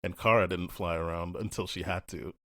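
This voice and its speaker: Low-voiced man co-hosting a podcast. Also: fairly even intonation, fairly quick, vocal fry, bright, forceful tone. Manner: blunt, swears freely, acts out characters' lines. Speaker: podcast co-host. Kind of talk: casual spoiler review chat.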